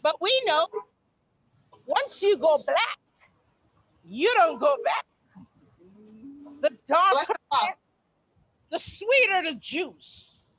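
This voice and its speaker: A woman's voice: extremely high pitch, drawn-out words, long pauses, no room sound, exaggerated voice. A woman playing a sassy, outspoken woman. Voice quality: expressive, mocking tone shifts. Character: sassy, outspoken grown woman airing grievances. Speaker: stage actor performing a monologue. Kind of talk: theatrical monologue.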